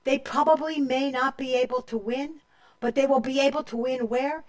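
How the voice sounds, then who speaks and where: Woman, panel host, emphatic, fairly high voice. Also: steady tone, moderate pace. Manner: emphatic, interrupting, moderating. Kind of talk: panel discussion.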